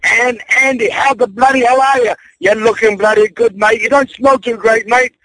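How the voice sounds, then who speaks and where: Brash, high-pitched New Zealand man. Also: fairly even intonation, moderate pace, dry recording, low-quality recording. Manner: loud, brash, jokey, says bloody and mate. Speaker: guest wrestler. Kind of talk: rowdy interview banter.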